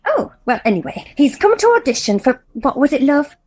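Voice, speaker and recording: A woman's voice: sits high, very animated, brisk, darkish tone. A woman playing a fussy, flustered middle-aged woman helping run nativity auditions in a radio sitcom. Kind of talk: comedy radio sitcom acting.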